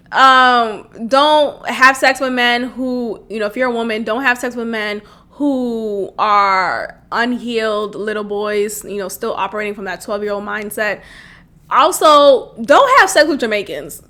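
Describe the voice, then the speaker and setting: Podcast host: thirty-year-old woman, high-pitched, animated and giggly in a loose comedic monologue. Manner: laughs often, animated and chatty.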